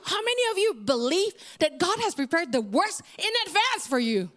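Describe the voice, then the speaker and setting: A middle-aged woman, a guest speaker telling her story in an animated sermon with big swings in pitch. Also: moderate pace, few pauses. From Indonesia.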